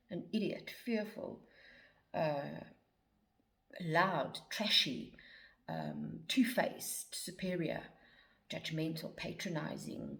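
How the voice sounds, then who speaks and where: Slow-talking low-voiced woman. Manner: reads out a long list of words with many ums, some words half-whispered. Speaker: shadow work teacher. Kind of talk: casual talk to camera about personal growth.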